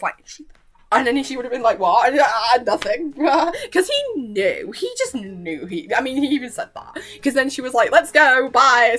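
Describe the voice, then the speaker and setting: A woman's voice: medium pitch, fairly bright tone. Giggly young woman gushing over a cartoon. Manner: giggly, gushing, acts out characters' lines. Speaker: YouTuber reviewing a cartoon episode. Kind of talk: casual reaction chat.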